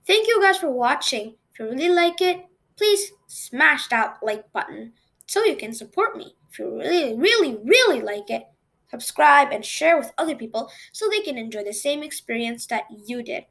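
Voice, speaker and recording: A woman reading a novel aloud in a plain, steady storytelling manner for her channel. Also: high-pitched, moderate pace. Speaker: read-aloud channel host.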